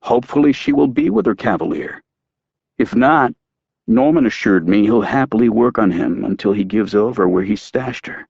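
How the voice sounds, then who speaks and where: A man's voice: on the low side, lively intonation, normal speed, vocal fry, darkish tone, slightly rough, no room sound, lo-fi sound, heavily acted. A man playing a smug, callous man. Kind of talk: audiobook reading.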